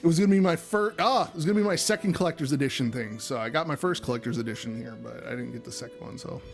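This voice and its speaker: A man's voice: medium pitch, rapid-fire, gravelly, soft background music. A man co-hosting a podcast, ranting angrily and swearing freely as he tells a story in casual chat. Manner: heated profane ranting storyteller. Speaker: podcast co-host.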